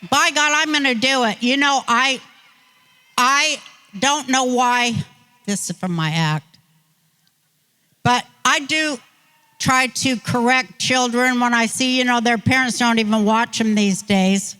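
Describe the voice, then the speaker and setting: An older woman spins a rambling, folksy yarn, taking her sweet time over every phrase. Her tone is bright and sharp-edged. She drifts through asides with a self-mocking, chatty air. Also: a little high, a little slow, clear, resonant tone. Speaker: guest. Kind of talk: rambling anecdotal storytelling.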